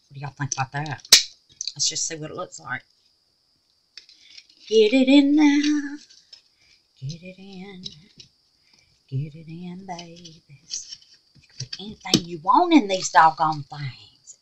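A woman's voice: on the low side, unhurried, long pauses, noisy background. A woman hosting a chatty craft tutorial at home, exclamatory and affectionate with viewers. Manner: animated and exclamatory, calls viewers babies.

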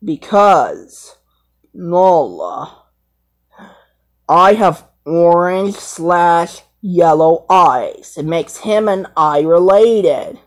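A woman's voice: lowish voice, animated, extremely slow. A woman voicing a brave, brooding young male lion in an amateur fan role-play, rambling and hesitant. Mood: earnest.

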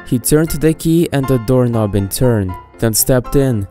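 A woman reads a storybook aloud at a steady, even pace. Her voice is very deep and dark, with a mellow tone. Faint music plays behind her. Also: measured pace. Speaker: narrator. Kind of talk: storybook narration of fan fiction. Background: faint background music.

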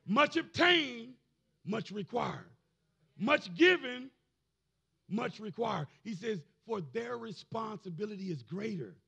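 Male pastor, raspy bright voice, preaches with shouted build-ups and call-and-response. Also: sits high, animated, slow. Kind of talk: sermon.

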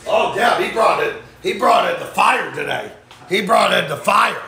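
A man's voice: high-pitched, expressive, moderate pace, creaky, sharp tone. A man casually vlogging inside a smoke shop, laid-back and swearing as he hypes the place. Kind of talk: casual vlog commentary. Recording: echoey shop room, faint background noise.

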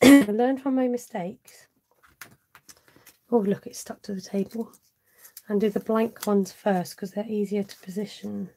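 A woman's voice: mid-range voice, warm tone, husky. A woman hosting a live cardmaking stream. She chats with viewers as she works and makes self-mocking asides. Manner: chatty, reads out viewer comments and answers them; talks aloud while working, with self-mocking asides. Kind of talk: casual live craft demonstration.

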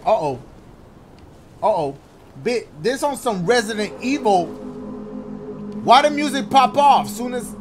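A man giving excitable, jokey let's-play commentary, slangy and talking to himself as he plays. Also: sits high, background noise. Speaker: gaming YouTuber. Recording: game music under the voice.

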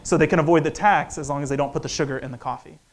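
A man's voice: a little high, steady tone, very fast. A man in his thirties giving a joking, conversational economics lecture to an audience, acting out little dialogues. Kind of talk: lively lecture talk.

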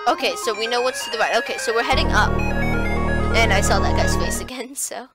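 A chatty woman narrating her own gameplay in casual commentary, her voice sitting fairly high. She rambles with fillers and asides, while loud game music fills the background. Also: a little fast. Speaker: gaming video host. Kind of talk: casual let's-play commentary.

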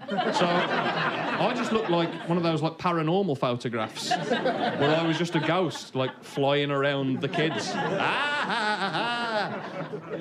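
A young man with a Black Country accent telling a comic story to a live audience, animated with comic asides. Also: sits high, very noisy. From Black Country, England. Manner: animated, comic asides, bursts into shouted impressions. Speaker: comedian. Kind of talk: stand-up storytelling. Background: audience laughter.

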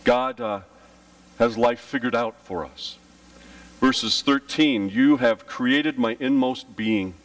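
A man preaching a sermon as pastor, telling stories with lively, dramatic delivery and acted-out cries. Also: mid-range voice, takes it slowly, distant mic. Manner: animated storytelling, acting out his childhood panic with shouts. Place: church.

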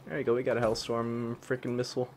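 A young man giving excitable live commentary on a video game, yelping and swapping swears for "fudge". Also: mid-range voice, quick pace, background noise. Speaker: gaming channel host.

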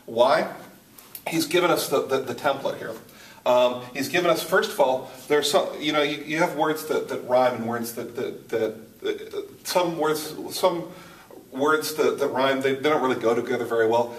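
Guy teaching poetry at a whiteboard, lots of ums and restarts, roomy sound, mic kinda far off. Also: mid-range voice. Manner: halting, thinks aloud with many restarts and fillers. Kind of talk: whiteboard lesson. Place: room with a board. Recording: roomy, from a distance.

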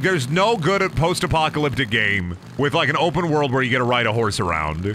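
A man's voice: mid-range voice, pushed and bright, slight background noise. A young man casually commentating his video game stream, swearing and riffing mockingly on what he sees.

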